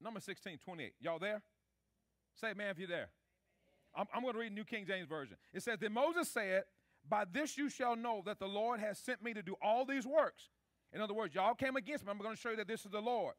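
A pastor preaching a sermon, calling out questions for the congregation to answer. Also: male voice, high voice, fast, sharp tone, dry recording, clean studio sound. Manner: preaching with call-and-response to the congregation.

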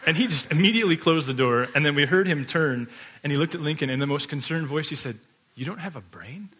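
A man's voice: a little high, fast, heavy background noise. A male pastor giving a conversational sermon that mixes in family stories, chatty and full of fillers, often laughing as he talks.

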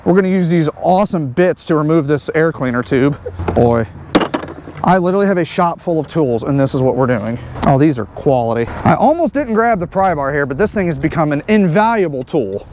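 A joking, excitable man hosts a casual vlog outside next to a vehicle. His voice sits high and swoops around with lively ups and downs. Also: fairly quick, background noise. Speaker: host.

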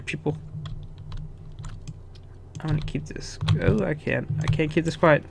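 A young man talks through his game in casual let's-play commentary. He swears freely, chuckles, and mutters to himself in a slightly high voice. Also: animated, measured pace, gravelly, pauses often. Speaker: gaming video host.

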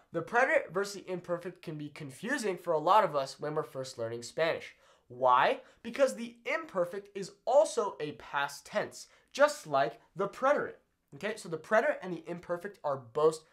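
Male teacher at a whiteboard, very animated intonation, patient and repetitive, checks in with viewers. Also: sits high. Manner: checks in often with "okay?" and repeats examples slowly. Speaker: Spanish teacher. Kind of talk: whiteboard language lesson. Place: indoors at a whiteboard.

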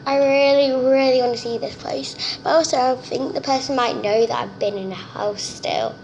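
A young woman giving chatty, excitable gameplay commentary, nervous and talkative, recorded on a phone. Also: sits high, moderate pace, highs cut off, a little hiss or hum. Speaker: gamer. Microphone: phone screen-recorder mic.

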